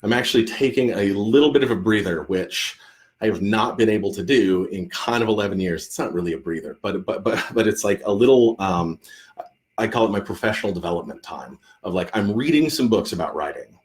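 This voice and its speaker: A man with a fairly low voice talks casually to viewers on a live stream. He rambles, repeats words and restarts his sentences often, sprinkling in ums and uhs as he answers questions. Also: animated, brisk. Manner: rambling, stammering with many restarts and fillers. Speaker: author hosting a live Q&A. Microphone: computer or phone mic on a live stream.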